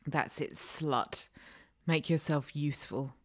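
A woman voicing a slow, commanding dominant man. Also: sits low.

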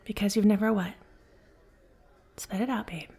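A woman voicing a flirty, caring female bartender in a whispered role-play, speaking softly, slowly and soothingly, with a teasing edge. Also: mid-range voice, steady tone, slightly rough. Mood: tender. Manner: soft, slow, soothing, teasing.

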